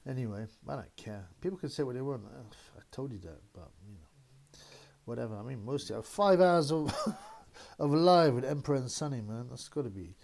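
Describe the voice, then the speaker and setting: A man's voice: mid-range voice, a little mellow. A man hosting a boxing channel, rambling casually and laughing as he talks. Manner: rambling, laughing, mocking impressions of critics. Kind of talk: casual solo commentary.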